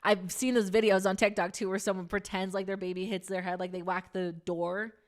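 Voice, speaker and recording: A woman's voice: medium pitch, level tone, brisk. A young woman in her twenties co-hosting a podcast, talking casually and animatedly with heavy use of "like". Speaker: podcast co-host. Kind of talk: casual chat.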